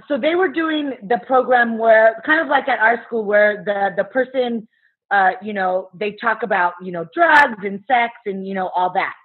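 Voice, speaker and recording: Husky-voiced woman telling a wild story. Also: a little high. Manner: animated, swears freely, acts out quotes. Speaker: substitute teacher. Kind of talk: casual storytelling chat. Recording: muffled phone-like sound.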